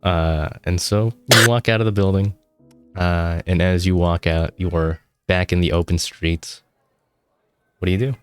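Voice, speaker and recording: A man's voice: low-pitched, fairly even intonation, measured pace, smooth, faint music behind. A man running a casual tabletop game as game master, rambling and swearing loosely.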